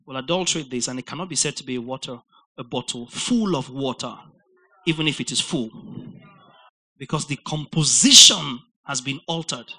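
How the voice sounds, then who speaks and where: Bright-voiced man preaching with emphasis. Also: medium pitch, moderate pace, rough recording. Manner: emphatic teacher, repeating words and quizzing listeners; spells out and explains Greek words. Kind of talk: sermon.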